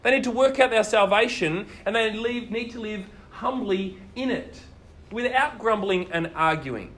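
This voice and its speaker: A man preaching a sermon, telling the stories in a lively way and asking his listeners questions. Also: high-pitched, measured pace. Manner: animated storytelling, asks the listeners questions.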